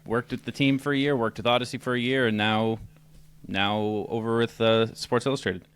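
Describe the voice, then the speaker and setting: A man's voice: medium pitch, fairly even intonation, fairly quick, fairly bright tone, smooth. A man guesting on a podcast, telling his story in a loose, chatty way with lots of fillers. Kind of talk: casual interview chat.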